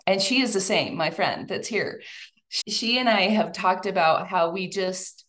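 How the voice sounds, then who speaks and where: A woman's voice: medium pitch, measured pace, a bit bright. A woman giving a heartfelt personal testimony talk, speaking directly and earnestly to an audience of women. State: tearful at times.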